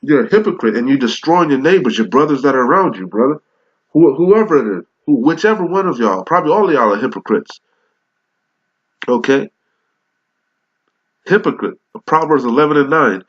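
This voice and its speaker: A man's voice: mid-range voice, animated, a little fast, husky. A man with a cold preaching an angry, profane rebuke, reading scripture aloud in old English. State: sick with a cold. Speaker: street preacher. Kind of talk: confrontational rebuke sermon. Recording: dull lo-fi recording.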